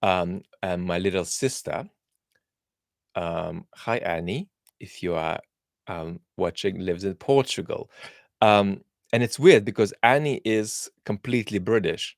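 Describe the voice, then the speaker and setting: A man's voice: deep voice, measured pace, gravelly, dry recording, studio quality. A man born in Russia hosting a live question-and-answer chat, thinking aloud and answering viewers with frequent ums and restarts. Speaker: host.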